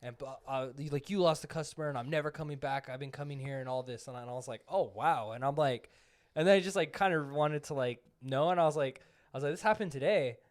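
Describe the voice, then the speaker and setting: Young male podcast co-host, slightly high-pitched, casual rambling storyteller. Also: fast talker. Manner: rambling anecdote telling, teasing. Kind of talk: casual chat.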